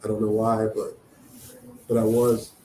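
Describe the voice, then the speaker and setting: A man's voice: fairly low pitch, a little slow. Man telling a story in an echoey room. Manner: animated storyteller acting out quoted dialogue. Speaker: author. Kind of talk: storytelling at a book event. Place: event venue. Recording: echoey room, faint noise.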